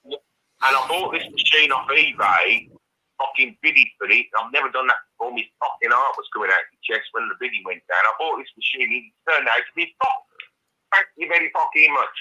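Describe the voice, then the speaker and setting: A man's voice: medium pitch, lively intonation, a little fast, pushed and bright, slightly rough, poor audio. A man calling in by phone to a live chat, ranting furiously and swearing constantly. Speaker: caller. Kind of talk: angry call-in rant. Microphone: phone call.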